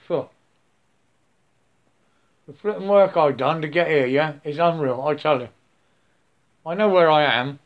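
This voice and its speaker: A man's voice: on the high side, a little slow, long pauses, muffled recording. A man giving a rambling spiritual monologue, checking in with the listener and breaking into laughs.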